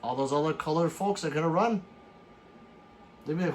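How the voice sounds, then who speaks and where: A man's voice: fairly high pitch, moderate pace, long pauses, a little hiss or hum. A man hosting a casual late-night livestream, reading chat messages aloud and joking back with bursts of laughter. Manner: animated, bursts into laughs and shouts.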